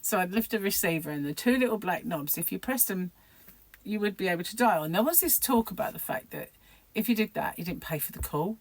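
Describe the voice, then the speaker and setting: A woman's voice: medium pitch, animated, a little fast, no room sound. A middle-aged woman vlogging about crochet in a rambling, chatty way, laughing often. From United Kingdom. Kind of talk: casual chat to camera.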